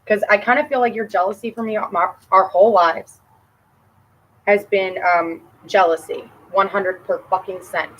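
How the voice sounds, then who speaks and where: A woman venting to her camera at her sister, bitter and profane, her voice dropping low or flaring hot. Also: steady tone, normal speed, dull audio. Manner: swings between muttering and heated outbursts. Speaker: vlogger addressing her sister. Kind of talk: personal rant to camera.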